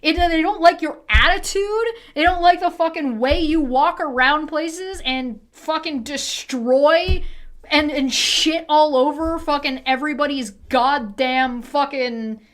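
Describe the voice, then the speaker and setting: Woman streamer, high voice, heated and foul-mouthed reaction talk. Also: measured pace, fairly bright tone. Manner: swears constantly, heated and ranting. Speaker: streamer reacting to a debate video. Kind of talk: angry reaction rant.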